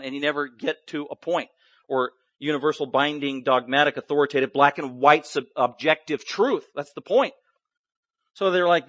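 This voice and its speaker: A man's voice: on the high side, fairly quick, fairly bright tone, no room sound. A male preacher giving an emphatic, impassioned expository sermon and stressing his points heavily.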